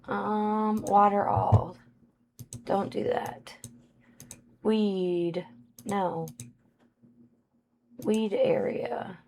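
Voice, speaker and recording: Slow-talking woman streamer with a gravelly voice. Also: medium pitch, fairly even intonation, a little mellow, slight background noise. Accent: non-British accent. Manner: chatty, mumbles game actions to herself. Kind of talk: casual live-stream chat.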